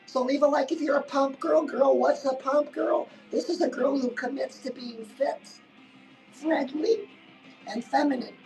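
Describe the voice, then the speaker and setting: A woman's voice: high voice, fairly even intonation, measured pace, gravelly, darkish tone, distant mic, faint music behind, low-quality recording. A woman giving a chatty live-stream pep talk as a life coach, keeps calling the listener "girl" and saying "listen".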